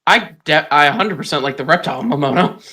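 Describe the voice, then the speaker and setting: A man's voice: a little high, lively intonation, fast talker, bright, forceful tone. A man chatting casually as a guest on a stream, jokey and plain-spoken, and playfully defensive when teased. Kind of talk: casual chat.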